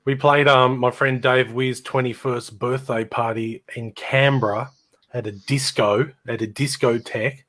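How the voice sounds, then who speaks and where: A man's voice: medium pitch, steady tone, unhurried, fairly bright tone. A middle-aged Australian man telling rambling stories about his old band in casual chat, laughing and imitating people as he goes.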